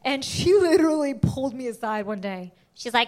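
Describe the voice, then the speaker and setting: A woman's voice: sits high, lively intonation, a little fast, few pauses, a little mellow. A woman doing brash, self-mocking stand-up storytelling. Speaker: stand-up comedian. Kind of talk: stand-up comedy.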